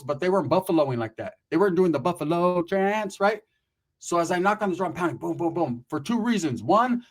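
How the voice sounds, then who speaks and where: A middle-aged man telling a profane comic story in a crude, animated way, dropping in bits of mock singing. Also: sits high. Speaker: comedic storyteller.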